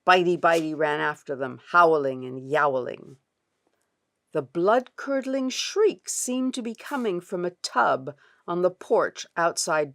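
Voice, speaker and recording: A woman's voice: low-pitched, no room sound. A woman author reading her children's story aloud expressively in a studio. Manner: expressive, unhurried.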